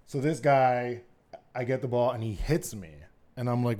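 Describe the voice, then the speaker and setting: A middle-aged person with a male-range voice, co-hosting a podcast in casual chat, telling campy, animated stories and laughing along. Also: medium pitch, normal speed. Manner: campy, animated storyteller calling everyone "girl". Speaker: podcast co-host.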